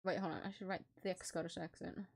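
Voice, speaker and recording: A woman's voice: on the low side, flat delivery, a little fast, creaky. A young woman streaming a game, chatting casually with swearing and laughing asides. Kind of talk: casual let's-play commentary. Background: background music.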